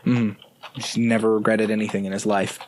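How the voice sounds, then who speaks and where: A man's voice: lowish voice, level tone, brisk, darkish tone, a little hiss or hum. A man co-hosting a podcast in casual chat, with dry sarcastic teasing. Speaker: podcast co-host.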